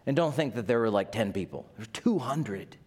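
A man's voice: mid-range voice, animated, a little fast, a little mellow, husky. A man, the pastor, preaching an Easter sermon with dramatic, rising emphasis.

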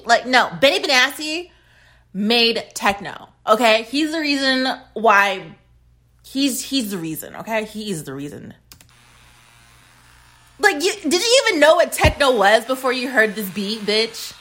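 Profane, animated woman podcast host. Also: fairly high pitch, measured pace, rough recording. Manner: profane, rambling, stuttering repeats. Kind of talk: casual solo podcast monologue.

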